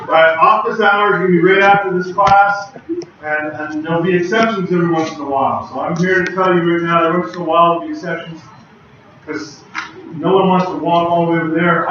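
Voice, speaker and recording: A man lecturing a university class in a relaxed, chatty manner, his slightly raised voice bouncing around a very echoey lecture hall. He sounds far from the microphone, and the recording is dull and lo-fi with a faint hum behind him. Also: fairly high pitch. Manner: casual, conversational, chatty with asides.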